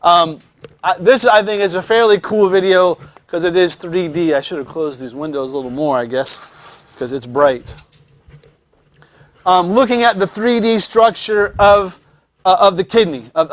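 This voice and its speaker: A man teaching a classroom lecture, pausing often to explain in a conversational way and repeating his words. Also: sits high.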